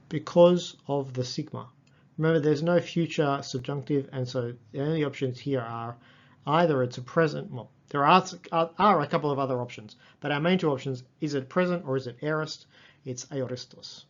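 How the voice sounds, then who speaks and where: A man lecturing on a text, reading passages slowly and carefully and explaining them as he goes. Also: mid-range voice, highs cut off. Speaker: Greek lecturer.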